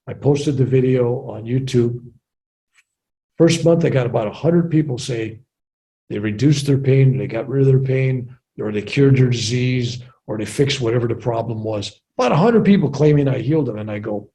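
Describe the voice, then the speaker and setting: Gravelly older man telling a story. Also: mid-range voice, normal speed, warm tone, low-quality recording. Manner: chatty, repeats himself and asks "right?". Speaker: guest speaker. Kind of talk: casual storytelling.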